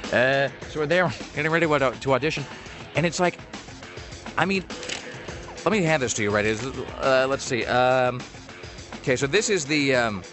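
A man's voice: mid-range voice, normal speed, long pauses, music in the background. A man casually telling a long story on a podcast, rambling with lots of fillers and restarts.

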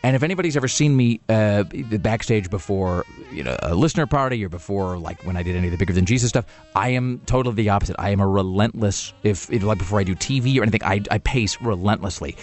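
A man hosting a radio show tells a loose, meandering story in the studio, talking at a rapid clip. His voice sits a little low, and he keeps restarting his sentences and filling gaps with "you know." Faint music plays behind him. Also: a little mellow. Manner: rambling with many restarts and fillers. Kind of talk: casual storytelling on air.

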